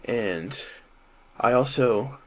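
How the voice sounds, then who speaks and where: A man in his twenties from the American South, rambling to camera in a casual monologue, full of fillers and restarts, high while he talks. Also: very slow. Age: 20s. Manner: rambling and self-correcting, many fillers and restarts. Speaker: vlogger and rapper.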